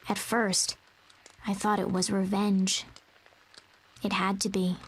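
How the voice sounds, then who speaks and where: A breathy, whispering lonely girl. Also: medium pitch, low-quality recording. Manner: slow, soft and brooding. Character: lonely young girl narrating her past, hushed. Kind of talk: whispered role-play narration for a video game.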